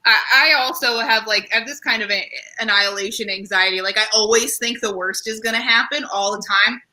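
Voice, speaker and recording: A young comedian and show host talks a little fast in a slightly high voice, pushed and bright, over a rough recording. Her stand-up meanders with self-deprecation, lots of filler words, and acted-out voices.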